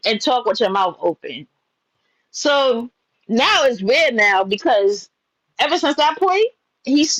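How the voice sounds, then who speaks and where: A young woman from New York telling a personal story in a casual, profane, animated way, laughing as she goes. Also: high-pitched, no room sound, poor audio.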